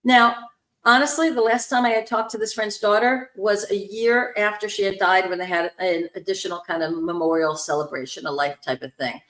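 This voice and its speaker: A woman hosting a spiritual talk show, telling a story warmly and acting out the voices in it. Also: mid-range voice, a little fast, roomy sound. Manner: animated storyteller, acts out quoted voices. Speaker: host, spiritual medium.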